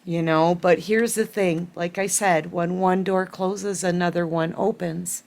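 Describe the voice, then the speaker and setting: A woman's voice: on the low side, fairly even intonation, a little slow, gravelly, darkish tone. A woman giving a collective tarot reading to her viewers, emotional and fighting back tears, repeating phrases for emphasis. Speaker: tarot reader.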